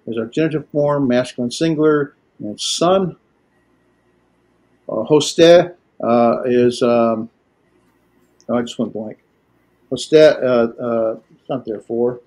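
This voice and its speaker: A man teaching a language class, lecturing in a halting way with many filler pauses. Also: medium pitch, fairly even intonation, a little mellow. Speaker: Greek teacher.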